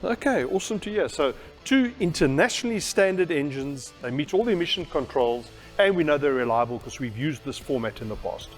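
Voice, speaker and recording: A man's voice: on the high side, lively intonation, fairly quick, few pauses, soft background music. A man hosting a promotional vehicle chat, upbeat and enthusiastic as he asks questions. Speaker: host. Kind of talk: promotional interview.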